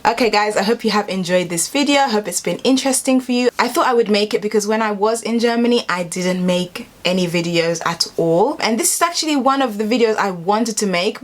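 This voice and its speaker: Young woman, casual vlog talk, chatty, animated, rambling asides. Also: mid-range voice, brisk. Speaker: vlogger.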